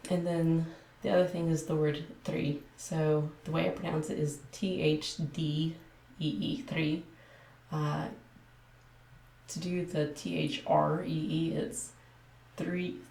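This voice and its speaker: Texan woman, ASMR vlogger, careful soft delivery, slightly distant mic in an echoey room. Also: deep voice, expressive, slow, gravelly. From Texas. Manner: soft, careful, hesitant with many ums. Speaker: ASMR creator. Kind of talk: casual talk to camera.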